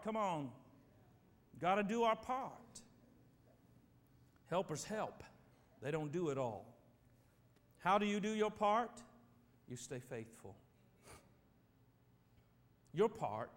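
High-voiced preacher in an echoing hall. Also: male voice. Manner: emphatic preaching, swings from loud to quiet. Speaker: pastor. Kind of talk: sermon. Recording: long reverb of a church hall.

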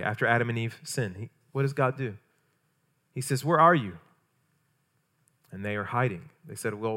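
A man's voice: mid-range voice, a bit bright. A man, a pastor, preaching a sermon in a conversational way, full of rhetorical questions.

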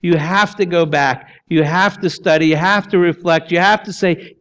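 A man preaching a sermon as pastor, emphatic and full of rhetorical questions, sometimes sinking low and quiet. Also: unhurried, hardly any pauses, lo-fi sound.

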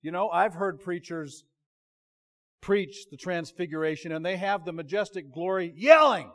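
High-voiced conversational preacher. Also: male voice, lively intonation, normal speed. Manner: conversational, self-interrupting, drops to quiet emphasis. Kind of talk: sermon.

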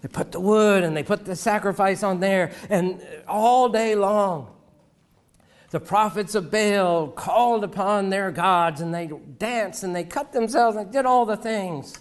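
A middle-aged man preaching a sermon, with dramatic pauses and sudden drops to a hush. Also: high voice.

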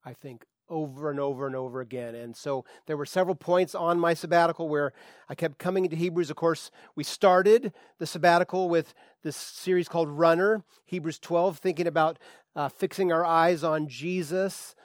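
Chatty pastor with a higher voice. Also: male voice, moderate pace, no room sound, clean studio sound. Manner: relaxed, chatty, with frequent restarts and fillers. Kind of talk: conversational sermon.

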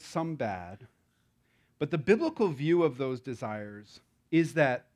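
A male pastor delivers a sermon with an easy, conversational warmth, tossing in rhetorical questions and side stories. His voice sits a little high for a man, and his energy rises and falls as he leans into a point. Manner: conversational, animated preaching with asides.

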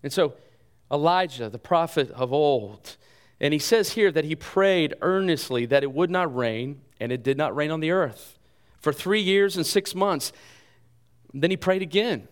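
A male pastor preaching a sermon in an earnest way, rising in emphasis and then dropping soft and low in his closing appeal. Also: expressive, measured pace, smooth.

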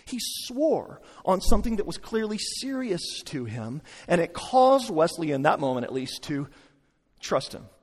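Joking middle-aged pastor in a reverberant church. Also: male voice, a little high, sing-song, unhurried, breathy edge. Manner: conversational, joking asides to the congregation. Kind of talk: sermon. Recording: long reverb.

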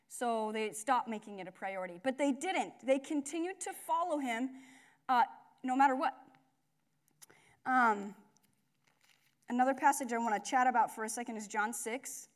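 High-voiced woman giving a chatty sermon. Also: animated, moderate pace, long pauses. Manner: chatty, conversational, many fillers and asides. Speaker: speaker at a church gathering. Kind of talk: casual sermon.

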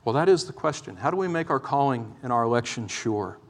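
A man preaching a sermon from the pulpit, earnest and pleading, moving between urgent exhortation and quieter teaching. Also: mid-range voice, expressive, a little fast. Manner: impassioned, pleading, swings from loud exhortation to quiet explanation. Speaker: pastor. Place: church. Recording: long reverb of a church hall.

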